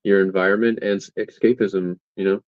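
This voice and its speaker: A man's voice: low voice, flat delivery, a little fast, dry recording, lo-fi sound. A man, a comic creator guest, chatting casually and hesitantly, often restarting his sentences. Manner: hesitant, many fillers and restarts. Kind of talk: casual interview chat.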